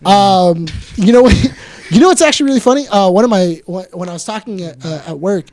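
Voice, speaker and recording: A podcast co-host with a voice of middling pitch, chatting casually. They retell celebrity gossip with animated quoted lines, stumbling and restarting their words as they go. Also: brisk, slight background noise. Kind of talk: casual chat.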